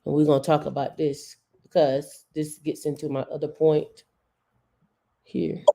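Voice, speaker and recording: Chill host just chatting on stream, slangy n loose, mid-pitch voice. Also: level tone, a little slow, vocal fry, warm tone. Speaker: show host. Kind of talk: casual livestream commentary.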